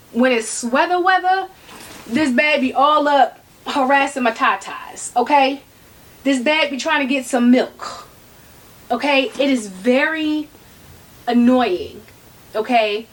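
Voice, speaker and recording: A woman's voice: sits high, fairly bright tone. A woman vlogging at home about her handbag collection, sassy and joking as she talks straight to her viewers. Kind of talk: casual talk to camera. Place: room at home.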